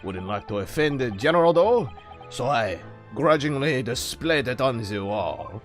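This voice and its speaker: Male streamer as pompous retired officer, animated delivery, hearty bluster. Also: medium pitch, a little slow, faint music behind.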